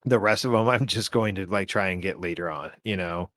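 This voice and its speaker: A man's voice: low voice, a little fast, fairly bright tone, no echo. A man co-hosting a casual sports chat, rambling with many fillers and restarts. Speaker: podcast co-host.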